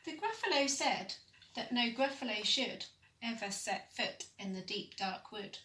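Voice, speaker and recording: Slow, gentle woman reading a storybook. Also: on the high side, expressive. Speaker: pastoral worker. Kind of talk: reading a children's picture book aloud. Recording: echoey room, mic at a distance.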